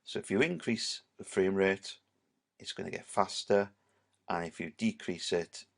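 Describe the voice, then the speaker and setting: A male teacher, giving a casual screen-recorded software tutorial and leaning on "right" and "obviously". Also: sits low, a little slow, vocal fry.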